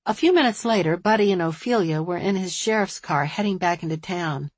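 A woman narrating a novel in an even, measured reading voice. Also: lowish voice, husky, dry recording. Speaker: audiobook narrator. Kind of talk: scripted narration.

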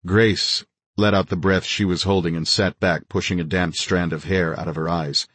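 A man's voice: sits low, steady tone, moderate pace, a bit bright, husky, no echo. A man narrating a thriller audiobook in the first person, with a tense, grave delivery.

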